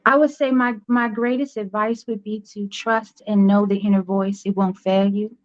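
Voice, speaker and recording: A woman's voice: mid-range voice, steady tone, moderate pace, highs cut off. A woman who is a grandmother, a guest author giving earnest, emphatic advice. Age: older.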